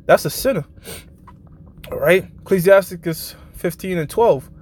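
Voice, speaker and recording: High-voiced blunt man preaching live. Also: darkish tone, breathy edge. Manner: blunt and profane, constant checks with his listeners; slows down for scripture passages. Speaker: street preacher hosting a live show. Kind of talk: informal preaching with scripture reading.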